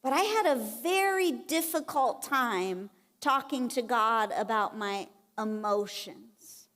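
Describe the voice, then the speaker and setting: A woman with a high voice preaches in a relaxed, conversational way and slips into little acted voices for the people she quotes. She talks slowly and takes her time. Her voice carries a long reverb from a church hall. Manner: conversational, animated, acts out quotes. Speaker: conference speaker. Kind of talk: sermon.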